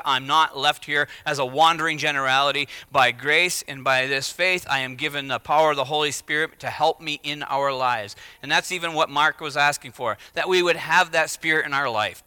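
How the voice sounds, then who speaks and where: A middle-aged man preaches with a very bright, slightly raised voice. He drops to near-whispers, then surges into loud, emphatic declarations. The sound is dry and close. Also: fairly high pitch, clear, resonant tone, no room sound. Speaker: pastor. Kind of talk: sermon.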